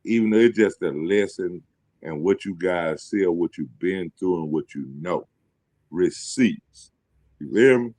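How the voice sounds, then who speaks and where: A man with a very deep, low voice talks in a loose, profane ramble, circling back on himself and breaking into laughs. The sound is dry and close, with no room around it. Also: measured pace, mellow, dry recording. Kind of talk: casual rambling chat.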